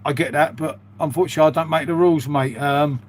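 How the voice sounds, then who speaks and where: A British man talks loosely to his stream chat and keeps throwing in "mate". His voice sits a little high for a man. A faint hum runs under the talk. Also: fairly even intonation, fast. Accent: British English. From United Kingdom. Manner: chatty, rambling, says "mate" often. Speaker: live streamer reading chat. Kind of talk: casual live-stream chat.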